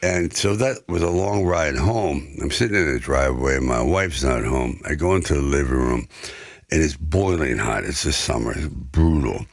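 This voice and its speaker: A man guest telling stories from his own life in a conversation, animated and acting out the people in them. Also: rumbling low, normal speed, vocal fry, no room sound, studio quality. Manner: animated storyteller who acts out the voices in his anecdotes. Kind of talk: storytelling in a conversation.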